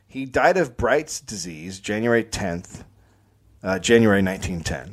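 Guy with a lowish voice recapping history for laughs, bouncy delivery, swears a lot. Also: expressive, unhurried. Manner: matter-of-fact, swears casually. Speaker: podcast co-host telling a history story. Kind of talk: casual comedic storytelling.

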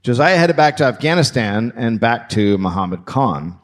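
A male comedian hosting a live history podcast on stage, telling the story in a dry, deadpan way. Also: medium pitch, moderate pace.

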